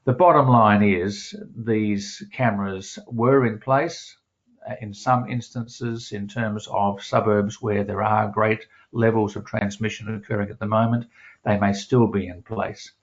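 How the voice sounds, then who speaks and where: A man giving an academic talk as a guest speaker, measured and full of fillers and restarts. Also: on the low side, steady tone. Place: home office in Melbourne. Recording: dull lo-fi video call audio.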